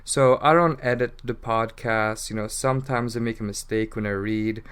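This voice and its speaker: A man hosting an unedited podcast for English learners and talking in a relaxed, chatty, informal way. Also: on the low side, normal speed, smooth. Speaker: podcast host. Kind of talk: unscripted casual podcast talk.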